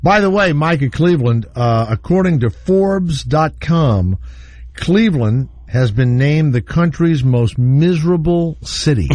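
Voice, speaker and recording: A man hosting a radio talk show, blunt and opinionated as he rambles along. His voice is slightly husky and very lively in pitch. The recording is close and dry. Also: measured pace, dry recording.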